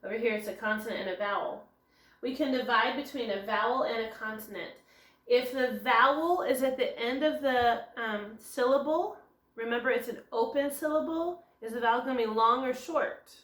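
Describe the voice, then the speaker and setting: A woman's voice: on the high side, moderate pace, fairly bright tone. A woman teacher giving a recorded phonics lesson, explaining step by step and answering her own questions. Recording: echoey room.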